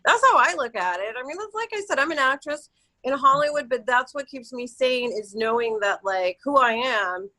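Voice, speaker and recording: A woman in her fifties with a New York accent, a tired actress chatting as a guest, animated and jumping between thoughts. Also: high-pitched, moderate pace. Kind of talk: casual interview chat.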